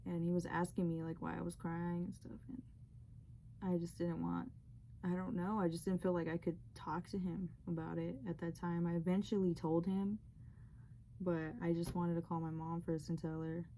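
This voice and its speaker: Young female vlogger with a low, mellow voice; earnest, rambling testimony full of fillers. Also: little pitch movement, normal speed, a little hiss or hum. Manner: rambling, heavy use of "like". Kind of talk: emotional personal storytelling.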